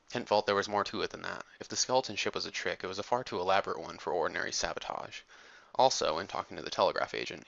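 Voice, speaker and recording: A man reading an adventure audiobook in a measured, steady storytelling manner, on a dull lo-fi recording. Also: low-pitched, vocal fry. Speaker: audiobook narrator. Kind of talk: audiobook narration.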